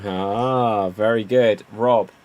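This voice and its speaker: A man's voice: fairly low pitch, steady tone, lo-fi sound. Man hosting an improv joke game. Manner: quick punny joke-telling, calls on players. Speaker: improv show host.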